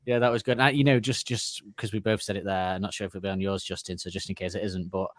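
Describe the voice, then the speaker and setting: A man's voice: deep voice, fairly even intonation, fast talker, no echo. A man co-hosting a podcast, chatting casually and animatedly, laughing and joking often. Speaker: podcast co-host. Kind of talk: casual chat.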